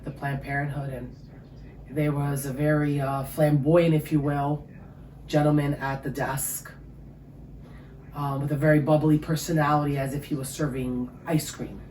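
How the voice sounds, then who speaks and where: A woman's voice: sits low, level tone, moderate pace, dark tone. Emotional woman telling her story, echoey room. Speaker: interview guest. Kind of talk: personal testimony. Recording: echoey room with faint ambient noise.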